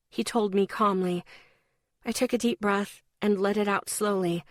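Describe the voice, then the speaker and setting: A woman reading a first-person audiobook narration in a steady, expressive way. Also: mid-range voice, normal speed, no echo, studio quality.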